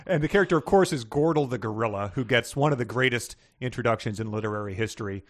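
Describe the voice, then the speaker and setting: A man's voice: medium pitch, fast. Male co-host, casual reader, wry and amused, often laughing. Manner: laughs often, with wry asides and many fillers. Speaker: podcast co-host. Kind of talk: casual chat, reading aloud from a book.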